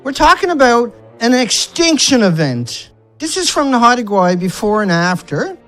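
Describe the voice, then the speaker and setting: A man's voice: very high voice, very animated, normal speed, fairly bright tone, faint music behind. A man ranting in outrage as an activist, firing rhetorical questions and strings of insults, with some swearing. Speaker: environmental activist vlogger. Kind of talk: angry ranting monologue.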